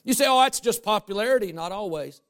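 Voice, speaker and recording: Male pastor, high-pitched, lively humorous sermon delivery. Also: quick pace. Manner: animated, humorous preaching with rising emphasis and asides to the congregation.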